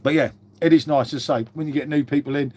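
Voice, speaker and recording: A British man hosts a casual live stream, chatting, swearing freely, and calling everyone "mate" as he reads viewer comments aloud. His voice is on the high side with fairly even intonation and a quick pace, over a noisy background.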